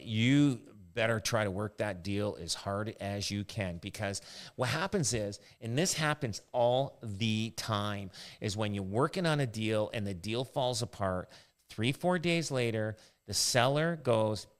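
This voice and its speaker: A man's voice: lowish voice, animated, measured pace, a bit bright. Rambling man telling stories. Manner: rambling anecdotal storytelling. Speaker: realtor and podcast host. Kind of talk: casual podcast chat.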